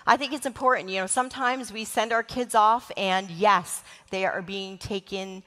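A woman's voice: mid-range voice, steady tone, moderate pace, pushed and bright. A middle-aged woman who leads a church's children's ministry, giving a sermon to the congregation in an earnest, emotional way, with frequent ums. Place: large church sanctuary. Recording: long church hall reverb.

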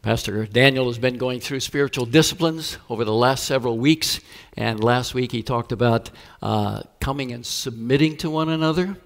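A male pastor preaches a sermon, telling stories and acting out the voices of the people in them. His voice is medium in pitch and he speaks at a normal speed.

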